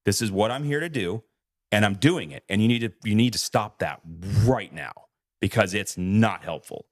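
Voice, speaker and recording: Guy on a podcast telling a wild story, kinda low voice, swears a lot, does everyone's lines. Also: moderate pace. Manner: animated retelling, acts out quoted lines, swears freely. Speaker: podcast co-host. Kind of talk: casual storytelling.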